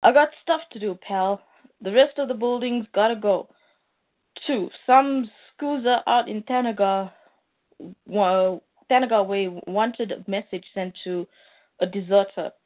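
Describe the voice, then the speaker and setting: A woman's voice: medium pitch, a little slow, lightly acted. A woman voicing a brash, swaggering alien male mercenary as she reads a comic aloud. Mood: taunting. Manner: read aloud plainly from a comic. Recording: tinny phone-like sound.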